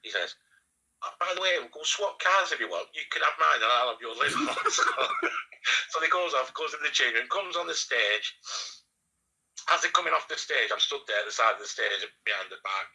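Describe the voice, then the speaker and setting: A man with a Northern English accent, casually telling lively anecdotes and acting out the lines of the people in them, laughing often. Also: mid-range voice, brisk, breathy edge, poor audio. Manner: animated storyteller acting out quotes, laughing often. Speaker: radio presenter guest.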